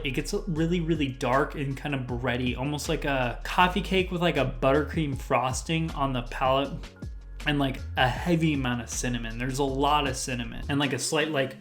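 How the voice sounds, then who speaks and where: A man hosting his own whiskey review channel, casually listing tasting notes with lots of "like" fillers. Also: fairly high pitch. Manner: rambling lists of tasting notes, full of "like" fillers.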